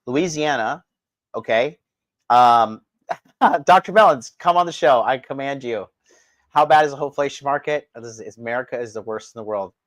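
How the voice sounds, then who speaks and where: A man's voice: mid-range voice, moderate pace, fairly bright tone, no echo. A man hosting a livestream, ranting bluntly and profanely while reading the chat. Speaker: dating coach and livestream host. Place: indoors in Japan.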